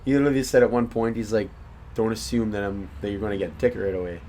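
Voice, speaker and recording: A man's voice: lowish voice, racing, warm tone, a little hiss or hum. A young man co-hosting a casual podcast, telling a rambling story with swearing and laughs. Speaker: podcast co-host. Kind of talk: casual chat.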